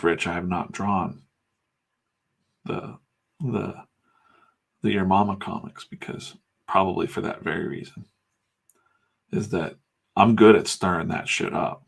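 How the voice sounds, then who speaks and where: A man's voice: deep voice, a little slow, gravelly, long pauses, breathy edge. A middle-aged man from the United States chatting casually and candidly, with some swearing, while he draws. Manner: rambling, candid and profane. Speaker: comics artist and channel host. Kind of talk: casual talk while drawing.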